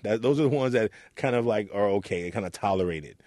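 A man from Oakland speaks in an interview with a low, mellow voice. He tells his story earnestly as a youth mentor and acts out the people in it. The room is dry and close. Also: lively intonation, fairly quick, no room sound. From Oakland, California. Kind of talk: reflective interview talk.

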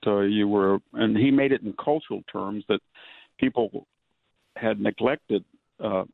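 Gravelly low man on a phone line. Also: no room sound. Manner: measured, talks in long lists of examples. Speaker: guest commentator. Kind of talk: political interview over the phone. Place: home in rural California. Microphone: telephone.

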